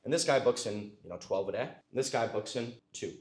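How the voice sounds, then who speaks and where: A man's voice: medium pitch, animated, a little fast, a little mellow, slightly rough. A man giving a blunt, profane business coaching talk. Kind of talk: coaching monologue.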